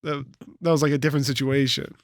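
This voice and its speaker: A man's voice: mid-range voice, flat delivery, fast talker, no echo. Sarcastic young man, dry room. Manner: teasing, sarcastic, swears freely. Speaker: podcast co-host. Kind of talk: casual chat.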